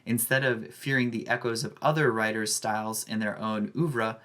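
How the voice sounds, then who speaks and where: A man, a high school English teacher, giving a scripted academic presentation with a careful, measured delivery. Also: fairly even intonation, a bit bright.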